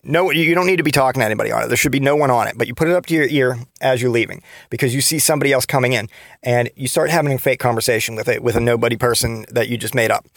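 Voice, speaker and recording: A man's voice: racing, creaky, fairly bright tone, no echo, studio quality. Profane rambling man in his thirties. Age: 30s. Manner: rambling and profane, acting out quoted reactions in a higher voice. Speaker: podcast host. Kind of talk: casual solo monologue.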